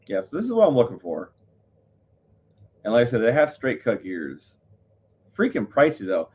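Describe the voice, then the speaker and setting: A man's voice: lowish voice, sing-song, moderate pace, vocal fry, long pauses, darkish tone, dull audio. A man chatting casually on a live stream, rambling, full of fillers and self-corrections. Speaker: livestreamer.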